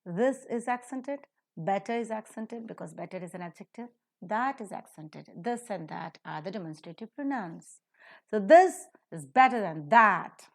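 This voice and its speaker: Woman, pronunciation teacher, lecture, emphatic example sentences, clear explanations. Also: medium pitch, darkish tone.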